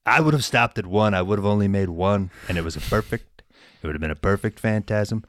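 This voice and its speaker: A man's voice: on the low side, a little fast, fairly bright tone, dry recording, studio quality. A man hosting a podcast, casually recapping a movie in a laid-back, profane storytelling way. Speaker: podcast host.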